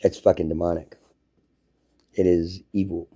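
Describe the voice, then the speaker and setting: A man's voice: sits low, flat delivery, unhurried, warm tone, husky. A man giving a heated, profane monologue rant to camera as a vlogger, telling it like a story.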